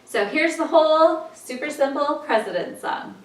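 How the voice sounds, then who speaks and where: An expressive woman with a high-pitched voice and moderate pace runs a classroom-style memory lesson, patiently encouraging listeners through a rhythmic chant. Loud background noise, a distant mic, and an echoey room mark the recording.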